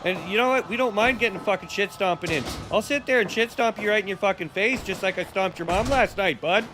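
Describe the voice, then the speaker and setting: A man's voice: high voice, fast, background noise, pitched above the performer's own voice, lightly acted. A man playing a foul-mouthed, trash-talking Canadian tough guy who ends his lines with "bud" and "eh". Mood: taunting. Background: music.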